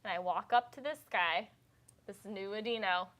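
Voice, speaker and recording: A woman's voice: medium pitch, moderate pace, fairly bright tone. A woman playing a character in a tabletop game, eager and full of questions. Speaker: player. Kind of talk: casual tabletop play.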